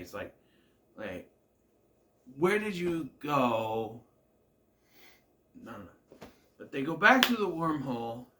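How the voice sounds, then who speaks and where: A man's voice: medium pitch, a bit bright. Man rambling through an episode recap. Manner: rambling, many fillers and restarts. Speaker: show reviewer.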